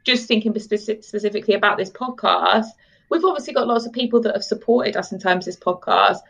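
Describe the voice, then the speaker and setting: A woman co-hosting a podcast, speaking in an earnest, measured way to her guest. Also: mid-range voice, gravelly, fairly bright tone, rough recording. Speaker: podcast co-host. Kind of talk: conversational podcast interview.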